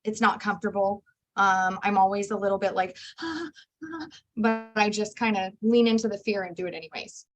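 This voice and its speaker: A woman real estate agent telling lively stories and acting out her conversations in a training session. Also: mid-range voice, fairly quick. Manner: animated storyteller, acts out dialogue.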